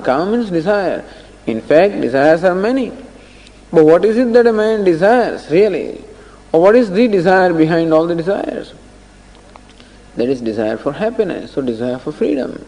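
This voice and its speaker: A man's voice: high voice, dark tone. A man giving a scripture discourse, explaining ideas through stories with acted-out dialogue. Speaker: scripture teacher. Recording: long reverb of a hall.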